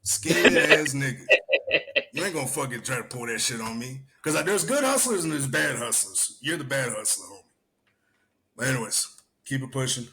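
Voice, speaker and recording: Young guy on a podcast cussing through a story, bright forceful voice. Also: medium pitch, brisk. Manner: profane, animated storytelling. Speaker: podcast host. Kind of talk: casual chat.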